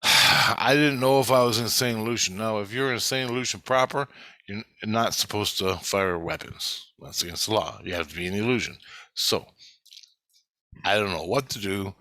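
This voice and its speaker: A man vlogs about his own spiritual experiences in the first person, cursing often and repeatedly starting sentences over and correcting himself. His lowish voice is pushed and bright at a moderate pace, with no echo.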